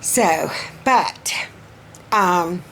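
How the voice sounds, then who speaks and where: Slow-talking Southern woman, folksy and chatty. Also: on the low side, creaky, a bit bright, slight background noise. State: throat strained. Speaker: vlogger. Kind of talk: casual personal update vlog.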